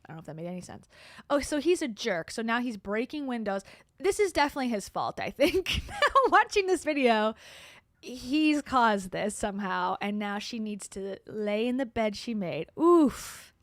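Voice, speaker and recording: A woman's voice: mid-range voice, expressive, moderate pace, dry recording, clean studio sound. A woman hosting a reaction video, making blunt, sarcastic casual commentary.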